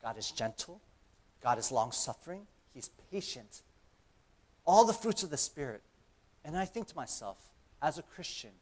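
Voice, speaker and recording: A young man giving a casual, conversational church sermon, acting out imagined dialogue and often asking "right?". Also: a little high. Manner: animated, acts out imagined dialogue, frequent "right?". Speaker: preacher. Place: church sanctuary.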